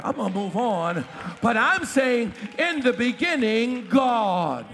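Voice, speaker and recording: A middle-aged man preaching in a church with a strikingly high, bright, forceful voice that leaps up and down in pitch. He builds to shouts and calls out to the congregation for a witness. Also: big pitch swings, a little slow, in a large hall. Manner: impassioned preaching, often shouting, call-and-response. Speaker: pastor. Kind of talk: sermon. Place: church sanctuary.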